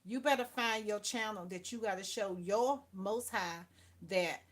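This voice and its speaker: An older woman with a mid-range voice and measured pace hosts a spiritual channel, rambling through an informal talk and calling the listener "baby" as she preaches, her volume swinging from soft to loud.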